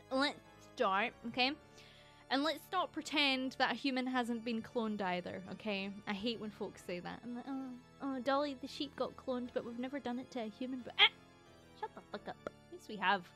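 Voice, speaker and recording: A Scottish woman with a fairly high voice, chatting loosely on a stream. She rambles from one thought to the next, swears freely and laughs often. Soft music plays faintly behind her. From Scotland. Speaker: VTuber streamer. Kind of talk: casual livestream chat.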